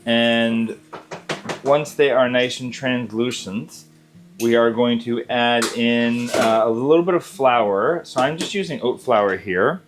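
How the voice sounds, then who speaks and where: A man's voice: mid-range voice, slow, slight background noise. A man hosting a casual cooking video, walking through a recipe in his home kitchen in an easygoing, chatty way. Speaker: cooking channel host.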